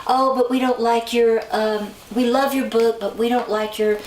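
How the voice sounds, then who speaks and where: A songwriter and author, appearing as a guest in an interview, tells a story in a casual, chatty way at a moderate pace. Her voice sits on the high side, and she acts out the people she quotes with lively vocal shifts. The mic is distant in a roomy, echoing space, leaving a faint hiss underneath.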